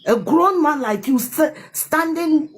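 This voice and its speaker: A woman's voice: high voice, animated, takes it slowly, a little hiss or hum. A Ghanaian woman delivering an angry, insulting rant, scolding someone and repeating her jabs. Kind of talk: angry ranting commentary.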